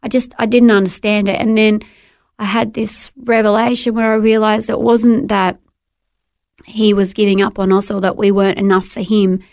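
A woman guest tells her own story in an earnest, heartfelt way, breaking off and restarting as she goes. Her voice has a gravelly, fry-laden texture. The sound is close and dry. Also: mid-range voice, little pitch movement, normal speed, a little mellow, dry recording. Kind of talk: personal testimony interview.

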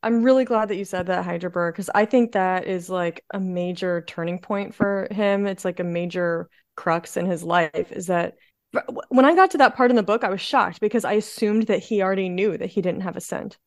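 A woman's voice: medium pitch, normal speed. A chatty woman co-hosting a horror film podcast, speaking in an easygoing conversational way. She laughs easily and talks through her thoughts as they come. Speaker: podcast co-host. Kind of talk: casual film discussion.

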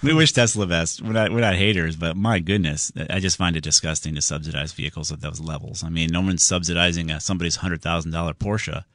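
A man hosting a call-in radio show about computers, chatty and quick to laugh. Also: no room sound, studio quality. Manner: chatty, laughs often, lively pitch swings.

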